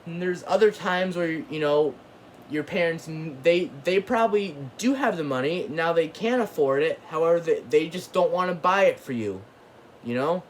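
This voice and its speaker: A man's voice: fairly high pitch, moderate pace, a little hiss or hum. A man hosting his own channel, ranting casually in a rambling way, full of filler words and mild cursing. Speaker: channel host.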